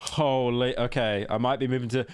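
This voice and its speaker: A man streaming casual reaction commentary, rambling and joking with sudden high-pitched outbursts. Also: a little fast, dry recording.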